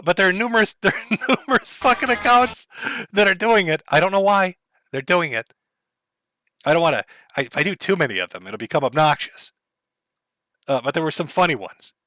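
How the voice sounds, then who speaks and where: Bright-voiced Minnesota man hosting a livestream. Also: high voice, no echo. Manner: profane, rambling, chuckling. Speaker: livestream host. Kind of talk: casual livestream chat.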